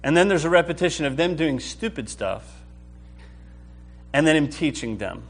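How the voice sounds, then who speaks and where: A man with a slightly raised voice leads a Bible class. He talks with real excitement and keeps checking that everyone is following along. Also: on the high side, moderate pace, slightly rough, faint music behind. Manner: enthusiastic, keeps checking in with the group. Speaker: Bible study teacher. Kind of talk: lively Bible class lecture.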